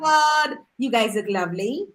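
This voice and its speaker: A woman hosting a live streamed music talk show, chatty and repetitive, giving shout-outs to viewers. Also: fairly high pitch, lively intonation, moderate pace, poor audio.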